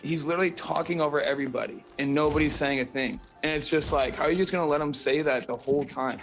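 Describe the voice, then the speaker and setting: A man's voice: a little high, quick pace, fairly bright tone, soft background music, poor audio. Laid-back young man with a NorCal accent. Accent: Northern California. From Northern California. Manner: laid-back, slangy, rambling with fillers. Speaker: fighter, guest. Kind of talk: casual interview.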